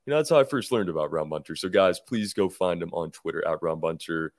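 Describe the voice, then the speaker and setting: A man hosts a sports podcast in an easygoing, conversational way, casually plugging the show. His voice sits low and sounds dry and close to the mic. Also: fast talker, dry recording. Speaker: podcast host.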